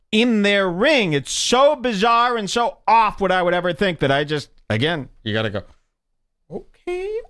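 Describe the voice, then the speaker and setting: A man's voice: fairly high pitch, fairly bright tone. A man hosting a podcast, delivering a rambling, mock-serious comedic monologue with sarcastic, theatrical swings in his voice. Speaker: podcast host.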